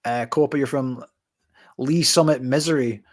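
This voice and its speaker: A man hosting a boxing channel, answering viewer comments on a live stream in a relaxed, chatty way with plenty of fillers. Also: medium pitch, moderate pace.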